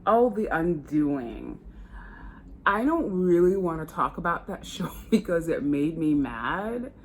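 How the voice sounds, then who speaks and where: A woman's voice: sits low, big pitch swings, slow, slight background noise. An American woman chatting candidly while getting ready on camera, swearing casually. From United States. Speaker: beauty vlogger. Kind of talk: casual get-ready-with-me chat.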